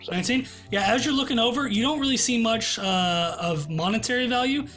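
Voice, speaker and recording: A man acting as game master, narrating a tabletop game in a relaxed, descriptive way over a voice call. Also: extremely high pitch, brisk, faint music behind. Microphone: online voice call.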